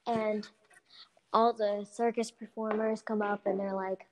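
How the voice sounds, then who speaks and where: A woman's voice: medium pitch, flat delivery, takes it slowly, long pauses. A woman casually retelling a movie's plot in a rambling way, full of "like" and "blah blah". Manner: rambling, filler-heavy retelling with lots of "like" and "blah blah". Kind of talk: casual chat.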